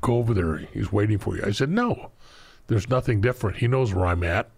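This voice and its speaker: Gravelly-voiced man telling blunt stories. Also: lowish voice, brisk, darkish tone. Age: middle-aged. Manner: blunt, profane storytelling with laughing asides. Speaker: podcast guest. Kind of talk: casual podcast storytelling.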